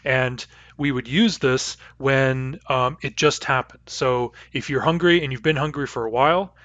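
A man teaching a language lesson, repeating each example word slowly and carefully. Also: medium pitch, fairly bright tone, no echo, lo-fi sound. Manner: slow, careful repetition of example words.

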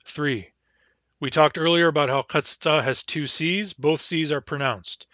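A man's voice: a little high, fairly even intonation, pushed and bright, dry recording. A man giving a recorded language lesson, carefully repeating each word and explaining its pronunciation. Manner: measured, spells out and repeats each word slowly. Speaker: language teacher.

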